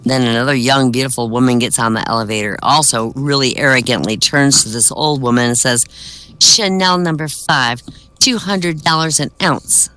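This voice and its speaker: A man telling a string of old jokes to an online comedy audience, jumping his pitch to act out each character's line. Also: moderate pace, pushed and bright, clean tone. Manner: acts out characters' lines with pitch jumps. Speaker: comedy set performer.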